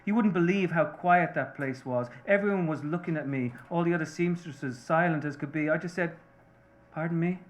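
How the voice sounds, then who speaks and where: A man's voice: on the high side, natural voice. A man reading as a remorseful Irish-American mother. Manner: earnest, halting confession, addressed to her husband. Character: remorseful Irish-American mother, a seamstress, confessing to her husband.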